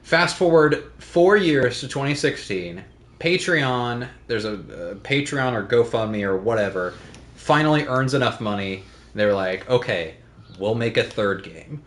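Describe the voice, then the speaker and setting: A man's voice: medium pitch, lively intonation, a little slow, fairly bright tone. Rambling, cursing man in echoey room. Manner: rambling, profane. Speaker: let's play co-host. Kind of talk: casual chat.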